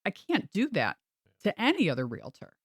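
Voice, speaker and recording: Realtor woman, podcast host, animated storyteller; mid voice, dry close mic. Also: mid-range voice, normal speed, breathy edge, no echo. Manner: animated, acts out quoted voices. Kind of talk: casual storytelling chat.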